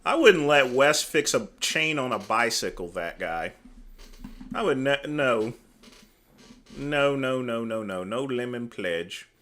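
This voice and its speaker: A man's voice: medium pitch, big pitch swings, slow, bright, forceful tone, slight background noise. A man hosting a livestream, giving casual commentary with dry, mocking asides. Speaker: livestream host.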